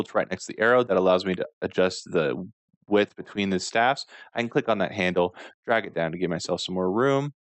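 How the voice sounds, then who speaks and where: Calm, fairly low-voiced male music instructor. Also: no echo. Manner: calm step-by-step walkthrough. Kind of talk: screen-recorded software tutorial.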